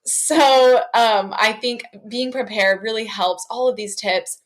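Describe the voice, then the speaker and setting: Expressive woman, teacher on a podcast. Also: on the high side, slow. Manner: expressive, acts out classroom voices as she explains. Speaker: art teacher, podcast guest. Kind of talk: casual interview.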